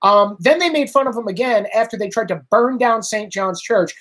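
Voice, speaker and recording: A man's voice: high voice, normal speed, fairly bright tone. A male commentator delivering a political rant. He is sarcastic and exasperated, and he drives home each point by repeating it. His voice swings between mockery and frustration. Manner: emphatic, repetitive.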